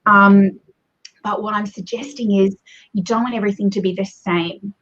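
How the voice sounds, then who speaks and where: A woman, a guest coach speaking in animated conversation, shifting her pace and loudness as she explains. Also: mid-range voice, normal speed. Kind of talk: conversational advice. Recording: dull, muffled lo-fi audio.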